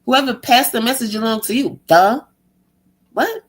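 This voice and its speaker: A woman's voice: a little high, brisk, low-quality recording. Woman ranting, exasperated and sarcastic. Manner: exasperated, sarcastic, heavy swearing; fires rhetorical questions, mocks others in a put-on tone. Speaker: vlogger. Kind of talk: profane monologue rant.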